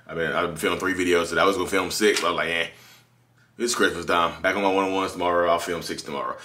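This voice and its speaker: A man's voice: low-pitched, fairly even intonation, rapid-fire, bright, forceful tone. A man hosting a casual motivational monologue, emphatic and repeating phrases to his listeners. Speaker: podcast host.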